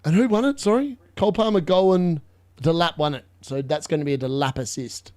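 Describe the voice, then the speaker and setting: This fantasy football livestream host is a young man with a fairly high voice, chatting loosely during a live watchalong and reacting excitably to each score update. He talks a little fast. A close mic keeps the sound dry and tight, with no room sound at all.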